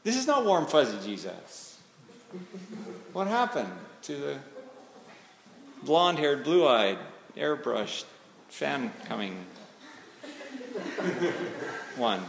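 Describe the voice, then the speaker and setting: Conversational preacher in an echoey hall. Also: male voice, on the high side, big pitch swings, unhurried, long pauses, a little hiss or hum. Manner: conversational, reflective, rising to emphatic readings. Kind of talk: sermon. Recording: echoey hall with faint ambience.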